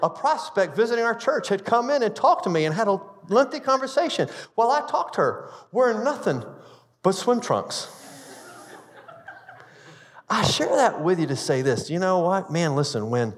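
A man's voice: high voice, sing-song, moderate pace. A male pastor preaching a sermon and telling a personal story earnestly, often stumbling and repeating words. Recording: long reverb of a large hall.

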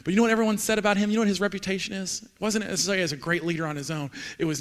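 A man's voice: high-pitched, steady tone. Earnest man preaching in a reverberant hall. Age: 40s. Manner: earnest, halting, repeats words when moved. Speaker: pastor. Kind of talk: sermon. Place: church sanctuary.

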